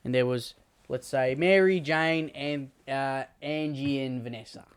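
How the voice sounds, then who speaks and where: A man's voice: medium pitch, measured pace, clear, resonant tone. A laid-back man co-hosting a casual podcast, swearing freely and telling jokes. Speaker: podcast co-host.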